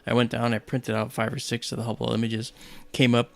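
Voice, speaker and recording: A man's voice: medium pitch, completely flat delivery, fairly quick, gravelly. A man hosting a livestream, telling a story in a chatty, enthusiastic way with many fillers. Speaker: livestream host. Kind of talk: casual storytelling.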